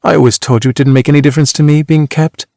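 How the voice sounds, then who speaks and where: A man voicing a sharp, teasing former actress. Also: on the high side, steady tone, gravelly, no echo, studio quality. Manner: teasing, brisk and cutting. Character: worldly former actress, woman in her thirties, sharp and teasing.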